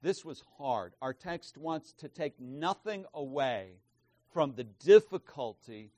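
A man preaching an expository sermon, slow and emphatic, pausing to repeat key words for weight. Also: mid-range voice, lively intonation, warm tone, no echo. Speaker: pastor.

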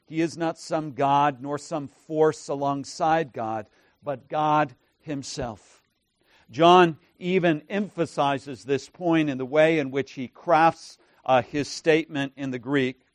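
A man lecturing to a class at an unhurried pace, leaning hard on key words and then dropping to a hush. His voice sits a little high for a man and sounds close and dry, with no room around it. He keeps checking in with his listeners as he teaches. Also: no room sound. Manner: emphatic, checks in with listeners with "right?"; swings between loud stresses and soft, drawn-out phrases.

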